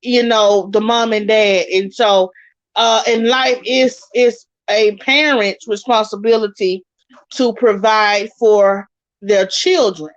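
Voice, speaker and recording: A woman joining a talk show as a panel guest, speaking in a measured, hesitant way with many "you know" fillers. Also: mid-range voice, steady tone, dry recording, highs cut off. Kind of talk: casual discussion.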